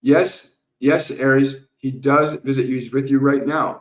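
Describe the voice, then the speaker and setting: Calm man speaking from across a roomy space. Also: mid-range voice. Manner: calm, slow, repetitive teaching with soft laughs. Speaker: spiritual medium answering viewer questions. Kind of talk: live Q&A stream with guided meditation. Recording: roomy sound, distant from the mic.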